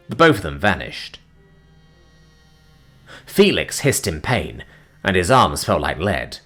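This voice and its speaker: A man narrating a science fiction story in a dramatic, expressive manner. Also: low voice, slow pace, pauses often, faint music behind.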